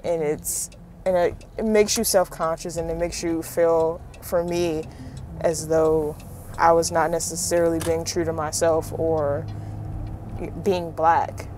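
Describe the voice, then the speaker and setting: A woman's voice: low-pitched, level tone, a little slow, a little mellow, a little hiss or hum. A woman, a student, speaking earnestly and self-reflectively in an interview. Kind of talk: casual interview talk.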